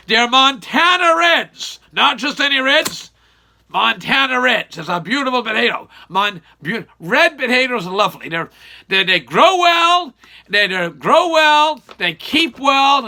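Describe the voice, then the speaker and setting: A folksy man talks gardening in a loose, rambling way, circling back and repeating his points. His voice sits high for a man and rings very bright and sharp. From Nova Scotia, Canada. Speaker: gardening channel host. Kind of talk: casual how-to gardening chat.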